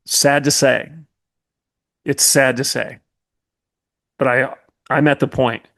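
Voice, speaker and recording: A man's voice: mid-range voice, fairly even intonation, slow, gravelly, a bit bright. A middle-aged man hosting a podcast, delivering an impassioned commentary monologue with an emphatic, repetitive, preacherly cadence. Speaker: podcast host, former college president.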